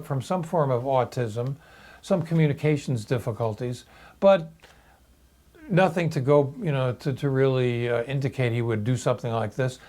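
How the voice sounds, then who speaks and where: Man in his sixties, video blogger, personal monologue, halting, meandering delivery. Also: mid-range voice, warm tone. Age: 60s. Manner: rambling, halting storytelling.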